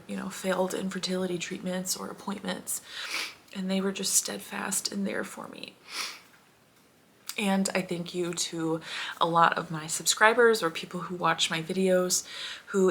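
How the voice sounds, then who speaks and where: A woman in her thirties talking in a heartfelt personal vlog, soft and emotional, with a prayerful tone. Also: fairly low pitch. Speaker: homeschooling mom vlogger.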